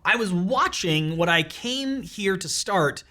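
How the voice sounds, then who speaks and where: A man in his forties with a bright, forceful voice, telling a personal story in a casual, meandering way. He doubles back often, with plenty of fillers and quick restarts. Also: high voice, expressive. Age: 40s. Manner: candid and rambling, with many fillers and restarts. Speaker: worship pastor and podcast host.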